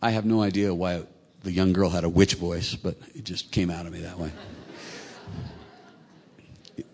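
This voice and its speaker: A man's voice: low-pitched, fairly even intonation, moderate pace, darkish tone. A man preaching a sermon as a pastor in a conversational way, often asking his listeners rhetorical questions. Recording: echoey hall.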